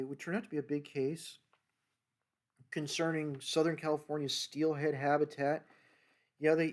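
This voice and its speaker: An older man with an American accent tells rambling stories from his days as a wildlife agent. He slips into the voices of the people in each scene. His voice sits slightly higher than most men's. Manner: rambling, acts out dialogue in quoted voices. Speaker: former federal wildlife agent telling stories. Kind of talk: casual storytelling monologue.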